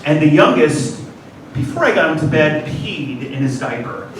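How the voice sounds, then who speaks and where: A middle-aged man spins a personal comic story for a live class audience, his voice pitched high and leaping all over as he wanders into self-deprecating asides. He is caught from a distance in a very echoey room with noticeable background noise. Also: lively intonation, normal speed. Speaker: comedian. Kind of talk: stand-up storytelling monologue. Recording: roomy, distant mic, noisy ambience.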